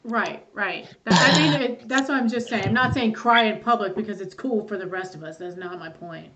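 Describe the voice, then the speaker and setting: A woman's voice: medium pitch, moderate pace, fairly bright tone, a little hiss or hum, rough recording. A middle-aged woman talking as a therapist guest in a casual podcast chat, candid, swearing freely and laughing easily.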